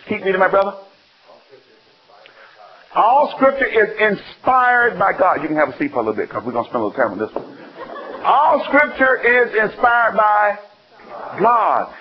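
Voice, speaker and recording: A man from Alabama, preaching an animated sermon full of questions to his listeners. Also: high voice. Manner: animated, call-and-response, exclaiming. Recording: dull lo-fi sound.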